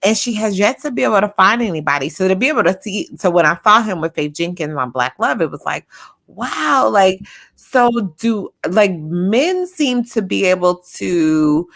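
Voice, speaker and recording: A woman's voice: mid-range voice, sing-song, normal speed, vocal fry, fairly bright tone. A woman co-hosting a podcast in casual chat, thinking aloud and often breaking off to restart a thought. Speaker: podcast co-host.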